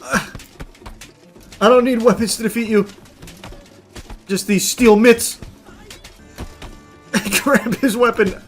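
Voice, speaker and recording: A man giving live gaming commentary, breaking into excitable shouted outbursts and profane, self-mocking asides. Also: very high voice, slow pace, long pauses, faint music behind. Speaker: gaming streamer.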